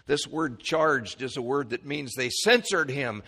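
A male preacher giving a sermon, swinging from hushed, slow pleading to loud, high-pitched shouts. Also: slightly rough. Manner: dramatic swings from quiet to shouting.

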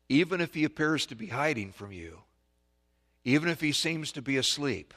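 A man preaching a sermon, telling a folksy childhood story that builds to loud, excited peaks. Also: medium pitch, normal speed. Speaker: pastor.

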